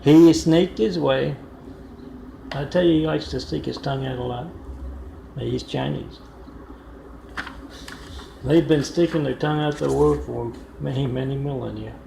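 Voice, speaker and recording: Male vlogger, raspy-edged voice, meandering casual storytelling into a phone, roomy and noisy recording. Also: medium pitch, normal speed, dark tone. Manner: meandering, wry asides, frequent fillers. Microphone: phone front camera. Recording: echoey room with background noise.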